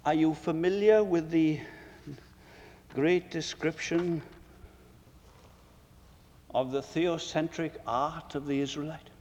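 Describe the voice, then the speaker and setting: Fervent preacher in a reverberant hall. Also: male voice, fairly high pitch, fairly even intonation, slow pace, pauses often. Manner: emphatic, rhetorical questions, swings between soaring and hushed. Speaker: preacher addressing fellow preachers. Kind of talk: sermon lecture. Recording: long reverb of a large hall.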